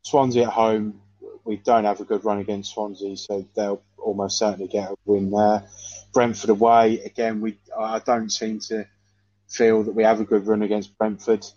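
A man in casual football chat, hesitant and measured, often repeating himself. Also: on the low side, flat delivery, warm tone, dry recording. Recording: dull dry lo-fi sound.

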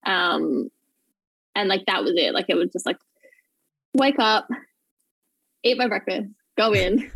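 A woman's voice: mid-range voice, animated, a little slow, gravelly, pauses often, a bit bright, breathy edge, dry recording, poor audio. A young Australian woman telling work stories as an interview guest, bubbly and often laughing, with lots of "like". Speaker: guest, journalist. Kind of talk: casual interview chat.

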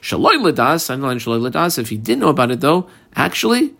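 A man's voice: medium pitch, sing-song, quick pace, creaky, bright, forceful tone, breathy edge. A man teaching a text study lesson, explaining step by step as he reads passages aloud and tells listeners what to mark, mixing casual talk with quoted terms. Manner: mixes casual chat with quoted Aramaic terms. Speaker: Talmud teacher. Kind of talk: daily page study lesson.

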